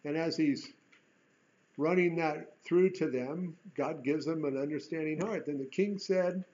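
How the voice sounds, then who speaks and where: A male Bible teacher with a fairly high voice works through a chapter verse by verse. He reads the text aloud and keeps breaking into folksy asides and rhetorical questions. The recording sounds dull and lo-fi. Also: normal speed, darkish tone.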